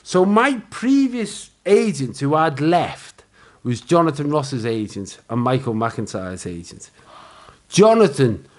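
A Liverpool-accented man in his forties telling show-business stories in relaxed podcast chat. He brings the anecdotes to life by acting out the people in them, with plenty of laughter and swearing. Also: medium pitch, slow. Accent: Liverpool (Scouse). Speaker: comedian guest. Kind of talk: casual storytelling chat.

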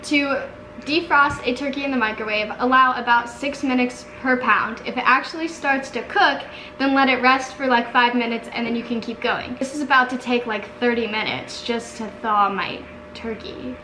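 A woman's voice: a little high, moderate pace, bright, forceful tone, echoey room, a little hiss or hum, low-quality recording. A young woman rambling chattily through a cooking vlog, mocking herself as she goes. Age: young adult. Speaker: vlogger.

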